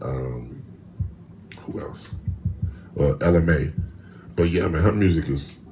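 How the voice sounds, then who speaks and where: A man's voice: extremely low pitch, darkish tone, a little hiss or hum. A man hosting a solo podcast, telling stories in a loose, rambling, slangy way with speech. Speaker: podcast host. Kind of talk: casual solo podcast monologue.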